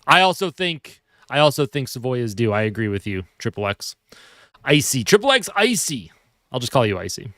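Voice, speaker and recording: A man's voice: mid-range voice, sing-song, normal speed, sharp tone, no echo. Sleepy man chatting in a dry room. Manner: chatty, reads and answers viewer comments. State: sleepy, yawning. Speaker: livestream host. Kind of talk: casual live fan commentary.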